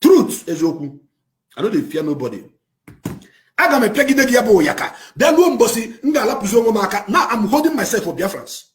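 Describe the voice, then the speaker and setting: A man with a Nigerian accent delivers a fiery, impassioned rant to the camera, swinging between shouting and low, intense passages. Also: very animated, quick pace. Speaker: activist speaking to camera.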